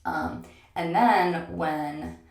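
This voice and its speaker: A young woman hosting her own podcast in a casual, expressive monologue, swearing freely and laughing often. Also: fairly low pitch, very slow, vocal fry. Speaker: podcast host. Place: bathroom, in a bathtub. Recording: echoey bathroom.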